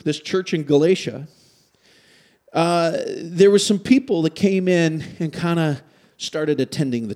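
A man from Canada preaching a sermon, telling stories with animation and asking his listeners questions. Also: high voice. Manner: animated storytelling, asks the audience questions. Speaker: pastor.

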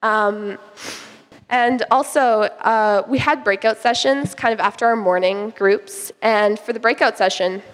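A woman's voice: medium pitch, unhurried. A young woman sharing a casual faith testimony, hesitant, with many fillers and restarts. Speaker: church youth sharing a testimony. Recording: long hall reverb.

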